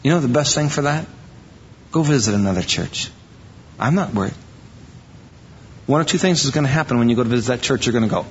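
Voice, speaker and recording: A pastor from Iowa giving a conversational, animated sermon to his church, acting out quoted voices now and then. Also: mid-range voice, brisk, long pauses, slight background noise. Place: church sanctuary. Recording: dull reverberant church recording.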